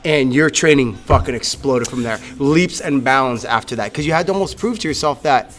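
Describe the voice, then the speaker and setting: A young male coach in a gym talks with fervor and swears freely, often tripping over repeated words when he gets worked up. His voice is mid-pitched, and faint music runs underneath. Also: normal speed, fairly bright tone. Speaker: coach and podcast co-host. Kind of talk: casual motivational podcast talk.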